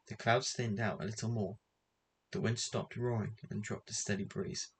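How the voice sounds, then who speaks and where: A man reading a children's adventure book aloud in an even, measured way. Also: lowish voice, slight background noise. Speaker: reader.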